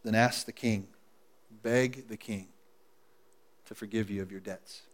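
A man preaching a sermon to his congregation, dropping to a hush and then rising to loud, emphatic appeals. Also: fairly low pitch, fairly even intonation, a little slow. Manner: swings from hushed and intimate to loud and emphatic, coaxing the congregation. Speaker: pastor. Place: church service before a congregation. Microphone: live sermon recording.

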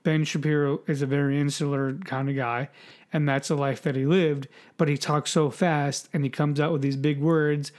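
On a podcast he co-hosts, a man rambles casually about politics in a mocking, profane way, repeating words and swearing. His voice is a little high and a little mellow, with little pitch movement, at normal speed.

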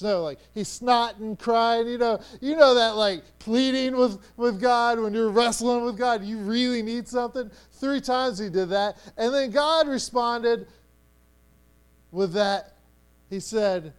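High-voiced preacher, chatty and halting. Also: male voice, clean tone. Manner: conversational, stammering restarts, swings from hushed to loud. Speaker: pastor. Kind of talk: sermon.

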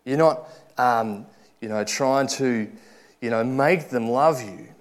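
A man preaching a sermon, earnest, swinging from loud urging to soft, quiet asides. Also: mid-range voice, slow pace.

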